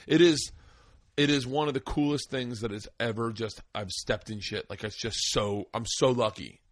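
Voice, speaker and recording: A man's voice: mid-range voice, normal speed, no echo, clean studio sound. Rambling, profane male comedian host. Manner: rambling, profane storyteller, acts out quoted voices. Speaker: podcast host. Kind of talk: casual chat.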